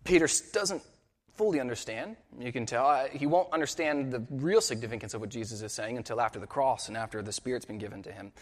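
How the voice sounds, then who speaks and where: A man pastor preaching a sermon with earnest intensity, dropping quiet and rising for emphasis. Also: medium pitch, fast talker, big-room sound.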